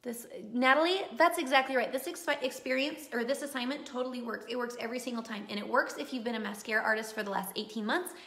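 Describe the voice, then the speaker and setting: A woman's voice: a little high, a bit bright, echoey room. A woman running a live online class, chatting, reading viewer comments and cheering students on in a gushing, motivational way. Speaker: online course instructor.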